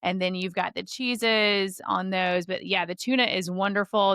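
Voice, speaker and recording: A woman's voice: mid-range voice, steady tone, moderate pace, fairly bright tone, no echo, studio quality. A woman co-hosting a podcast, chatting enthusiastically in a rambling way, with restarts and laughs. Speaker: podcast co-host. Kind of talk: casual chat.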